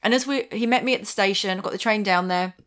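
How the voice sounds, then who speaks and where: A woman chatting casually, an animated storyteller who acts out what people said and laughs often. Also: medium pitch, quick pace. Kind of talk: casual chat.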